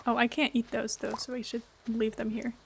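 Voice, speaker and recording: A woman's voice: on the high side, little pitch movement, a little fast, creaky, noisy background. A woman streaming a game, chatting casually with her viewers and laughing often. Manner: giggly, chatty, answering chat. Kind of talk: casual gameplay chat.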